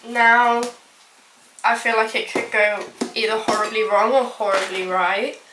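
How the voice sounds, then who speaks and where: A woman's voice: mid-range voice, vocal fry. A woman vlogger chatting casually as she narrates her own baking in a home kitchen. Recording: echoey room with background noise.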